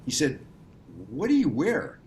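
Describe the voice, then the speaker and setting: Animated middle-aged storyteller man from Montreal. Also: fairly high pitch, unhurried, slight background noise. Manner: animated storyteller, hands off lines with "listen" and "you know". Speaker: guest, hockey gear maker. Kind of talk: casual podcast conversation.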